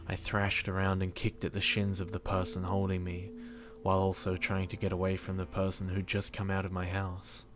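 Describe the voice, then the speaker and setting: Deep male narrator for a horror story, earnest and measured, faint hiss behind.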